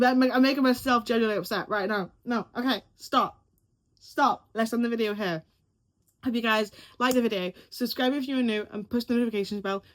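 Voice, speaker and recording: A young woman vlogging at home, reacting to a film trailer in an excitable, rambling way, stumbling over words and swearing casually. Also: medium pitch.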